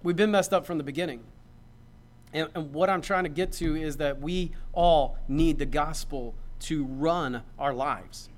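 A man's voice: on the high side, a little slow. A man, a pastor, preaching a sermon in a conversational, joking way that builds to emphatic points.

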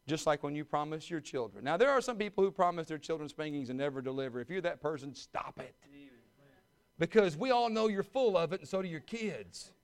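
A pastor in his thirties delivers a sermon, mixing folksy jokes with rising, fervent preaching. His voice sits high for a man and rings smooth and clear. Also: lively intonation, fast talker, hardly any pauses. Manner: folksy humor building to loud fervent preaching.

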